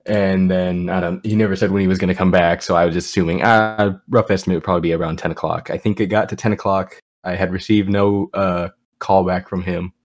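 Laid-back young man with a low voice. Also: little pitch movement, brisk, hardly any pauses. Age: young adult. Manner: laid-back, amused, rambling. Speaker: podcast co-host. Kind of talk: casual storytelling.

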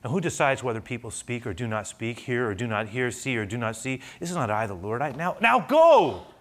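A preacher voicing a commanding God. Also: male voice, mid-range voice, sing-song, a little fast, lightly acted. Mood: firm. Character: calm, commanding God speaking to a prophet.

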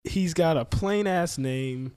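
A man with a mid-range voice co-hosting a casual podcast. He speaks very slowly in a deadpan, teasing way. The recording is close and dry. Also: fairly high pitch, clear, resonant tone, dry recording. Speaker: podcast co-host. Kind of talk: casual chat.

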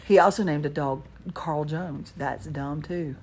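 A middle-aged woman, co-hosting a casual chat and telling animated stories that she laughs through. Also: low-pitched, unhurried, slight background noise. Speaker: co-host.

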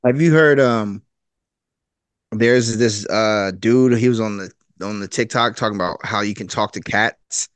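A young man chatting casually on a podcast, relaxed and agreeable, swearing freely. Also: on the low side, measured pace, smooth, no echo. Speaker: podcast co-host.

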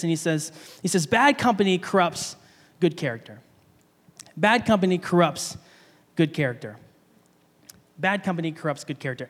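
High-voiced man preaching in a hall. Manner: storytelling, animated, laughs often. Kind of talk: sermon. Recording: long hall reverb.

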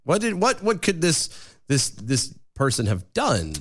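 A man in his thirties co-hosting a radio show, casual and joking, quick to laugh. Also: a little high, wildly swooping pitch.

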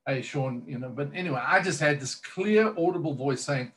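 A man's voice: on the high side, moderate pace, fairly bright tone, a little hiss or hum. Earnest rambling male minister. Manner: earnest, rambling with fillers and restarts. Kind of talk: personal testimony in conversation.

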